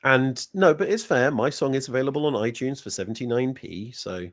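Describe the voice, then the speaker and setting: A man on a stream panel who talks in a mid-pitched, everyday voice. He explains things earnestly and at length. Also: brisk. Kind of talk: casual chat.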